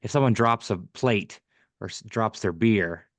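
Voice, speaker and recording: A man's voice: on the low side, unhurried, dry recording. A man talking casually as a guest comedian on a podcast, with frequent restarts. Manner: conversational, with restarts and stumbles.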